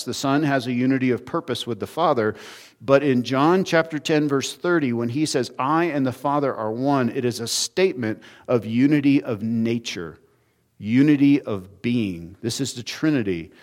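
A man preaching an expository sermon, earnest, his voice rising and quickening when he acts out quoted speakers. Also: mid-range voice. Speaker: pastor.

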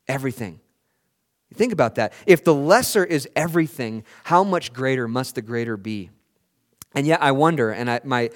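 A male preacher delivers a sermon with earnest, pleading intensity. His voice sits at an ordinary middle pitch, rising loud on key phrases and falling to a hush. He stumbles and restarts as he presses his point. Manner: earnest, pleading, with dramatic shifts in loudness and frequent restarts.

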